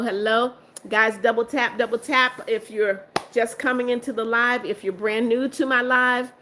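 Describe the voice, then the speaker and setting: A woman hosting a live stream, reading viewer comments aloud and answering them, firm and quick to block trolls. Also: fairly high pitch, a bit bright. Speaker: livestream host.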